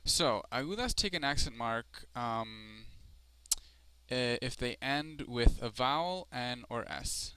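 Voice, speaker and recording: A man's voice: medium pitch, expressive, slow, bright, forceful tone, clean tone, no echo. A man teaching Spanish marks in a screencast lesson, explaining step by step with frequent ums and restarts. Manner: explanatory, with frequent fillers and self-corrections.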